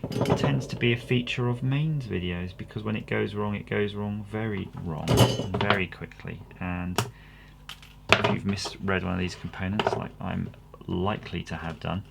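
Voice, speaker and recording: Give me a man with a gravelly voice casually talking through a kit build, self-deprecating and rambling. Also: deep voice, fairly even intonation, normal speed, heavy background noise. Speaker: electronics kit builder, channel host. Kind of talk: casual workbench commentary.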